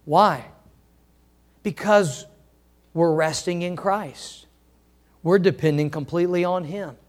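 A man. He preaches in a folksy, storytelling manner, rising to loud emphatic passages and then dropping to quiet ones. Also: high-pitched, takes it slowly. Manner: folksy storytelling preacher with wide swings in loudness. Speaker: pastor. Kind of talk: sermon.

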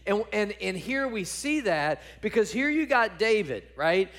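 A pastor with a notably high, fairly bright voice delivers a sermon in a sing-song, slightly slow manner. Emphatic and earnest, he repeats words to build his points and puts direct questions to the church.

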